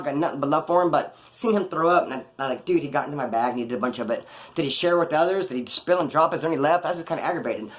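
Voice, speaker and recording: A man casually telling rambling, profane prison stories off the cuff, full of slang. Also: a little high. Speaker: storyteller recounting his prison past.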